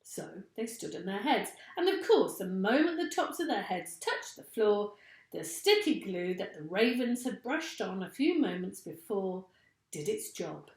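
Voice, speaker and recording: A woman teacher reading a children's storybook aloud with expressive, deliberate delivery. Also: medium pitch. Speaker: primary school teacher. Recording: roomy echo.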